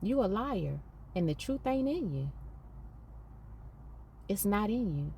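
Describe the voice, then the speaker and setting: A woman's voice: mid-range voice, very animated, slow, warm tone, a little hiss or hum. A woman hosting a podcast, speaking candidly and emphatically and repeating points for stress. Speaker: podcast host.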